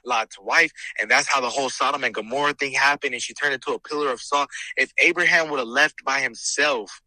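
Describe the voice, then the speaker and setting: A man's voice: mid-range voice, fairly quick, pushed and bright, no echo, rough recording. A young man from California talking casually about faith, telling stories with earnest, preacher-like emphasis. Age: young adult. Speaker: guest, host's son.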